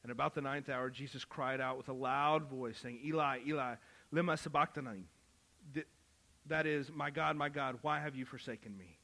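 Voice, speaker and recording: A man preaching a sermon, moving from quiet Bible reading to loud, impassioned calls. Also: medium pitch, steady tone, moderate pace, gravelly. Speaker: pastor.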